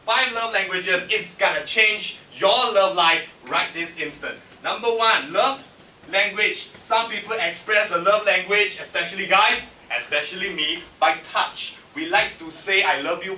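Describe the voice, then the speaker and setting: A man with a Singaporean English accent giving a humorous contest speech in a lively, punchy way that teases the audience, recorded in a function room by a far camera. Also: high-pitched, slight background noise. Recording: echoey hall from far off.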